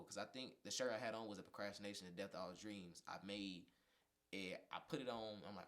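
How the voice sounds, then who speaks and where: Young man, fashion designer guest; low voice, fast casual storytelling, acts out the dialogue. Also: a bit bright. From Indiana.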